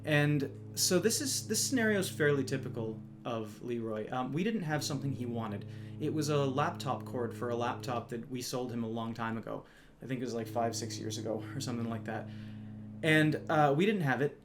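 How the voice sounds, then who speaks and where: A man's voice: medium pitch, moderate pace, over music. Wry man telling a work story. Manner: wry, conversational, slightly smug, swears casually. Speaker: retail store clerk telling a story. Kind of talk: casual storytelling.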